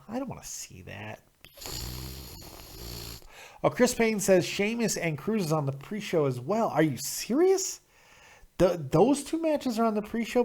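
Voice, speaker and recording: A man's voice: fairly high pitch, a little mellow. Ranting, foul-mouthed male show host. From Nevada, USA. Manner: ranting, crude, sarcastic. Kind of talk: profane call-in wrestling commentary.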